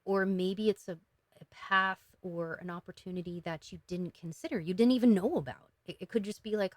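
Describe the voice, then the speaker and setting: A woman giving a casual, emotional tarot reading, talking gently with many fillers and restarts. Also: medium pitch, a little fast, no echo. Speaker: tarot reader.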